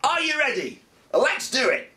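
Man, children's magician, high animated voice, heard from a distance, playful. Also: measured pace. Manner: playful, mock-frustrated, big excited cheers. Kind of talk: comic magic show patter for children.

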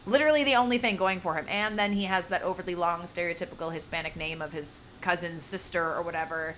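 Bright-toned woman chatting on a podcast, emphatic, lots of "like," faint background hum. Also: lowish voice, quick pace. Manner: emphatic, frequent "like" and "you know". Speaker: podcast co-host. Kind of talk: casual discussion of a film.

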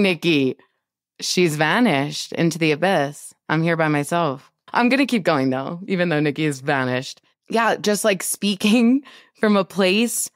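A woman co-hosting a podcast, giving animated business coaching in a casual chat over a remote call, laughing often. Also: lowish voice, dry recording, studio quality. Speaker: podcast co-host.

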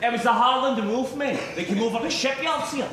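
A man's voice: extremely high pitch, fast talker. A man playing a combative Scottish man with a Scottish accent who is proud of his Irish roots, sweary and needling in argument. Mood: arguing. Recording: echoey, distant, noisy.

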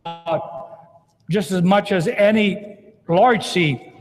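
A man's voice: high voice, slow. A priest preaching a dramatic sermon in a large cathedral, acting out scripture as he goes. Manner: dramatic, retells scripture with acted quotes. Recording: long cathedral reverb.

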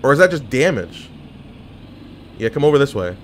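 A man's voice: mid-range voice, normal speed, slight background noise. A man giving casual gameplay commentary, joking and trash-talking opponents. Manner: trash-talking, jokey, excitable outbursts. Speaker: gaming YouTuber.

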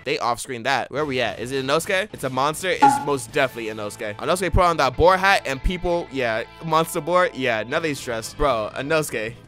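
Excitable, slangy young man reacting to anime. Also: mid-range voice, a little fast, hardly any pauses, loud music behind the voice.

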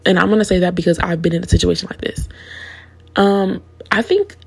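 Candid, slangy woman with a gravelly, warm voice. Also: fairly low pitch, fairly even intonation, a little fast. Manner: candid, slangy, talks straight to viewers. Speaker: reality show recap vlogger. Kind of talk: casual opinionated recap.

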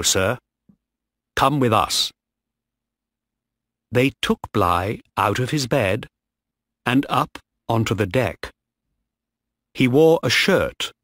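A man narrating a story slowly and clearly for English learners. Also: mid-range voice, fairly bright tone, dry recording, studio quality. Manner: slow, clear reading.

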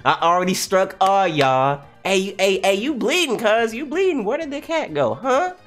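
A man's voice: moderate pace, soft background music. Hyped guy reading a comic live, cusses and laughs a lot, voice bouncing up and down. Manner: excitable, profane, laughs a lot, jumps between high and low voices. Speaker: comic reaction streamer.

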